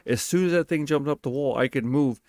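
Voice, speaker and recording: A man's voice: a little high, fairly quick, dry recording, clean studio sound. A man host telling a personal story in a casual monologue, swearing often and speaking with emphasis. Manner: profane, emphatic and animated.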